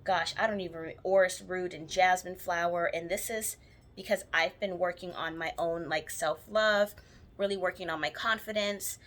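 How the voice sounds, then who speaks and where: This spiritual practitioner has a lowish, steady, somewhat bright voice and keeps a moderate pace. Teaching jar spells in a casual to-camera how-to, she chats and rambles with many ums and restarts, full of enthusiasm for her work.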